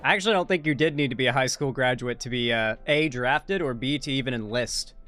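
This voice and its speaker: A man's voice: medium pitch, quick pace, bright, forceful tone. A young man giving casual, blunt commentary while reacting to a video, rambling and correcting himself as he goes. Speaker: commentary streamer. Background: faint background music.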